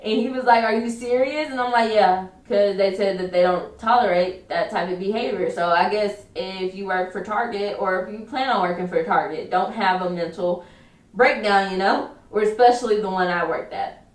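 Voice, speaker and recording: A woman's voice: medium pitch, normal speed. Young woman doing a casual story time, chatty, kinda far from the mic, echoey room. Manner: chatty, repetitive, quotes others. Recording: roomy echo, distant from mic.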